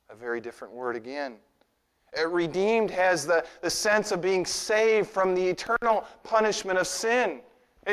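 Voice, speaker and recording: A man's voice: a little high, smooth, in a large hall. A male preacher delivering a sermon, earnest and emphatic, often repeating words as he presses a point.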